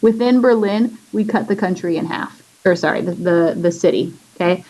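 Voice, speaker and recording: A woman teacher giving a casual history lesson, chatty and relaxed, using lots of fillers as she draws and explains. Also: fairly low pitch, normal speed, low-quality recording. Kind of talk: casual classroom lecture.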